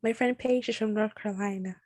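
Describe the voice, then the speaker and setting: A woman's voice: fairly even intonation, a little fast, darkish tone, no room sound, clean studio sound. A woman co-hosting a casual podcast, playful and giggly as she talks. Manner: playful and giggly, swooping pitch. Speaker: podcast co-host. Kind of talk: casual chat.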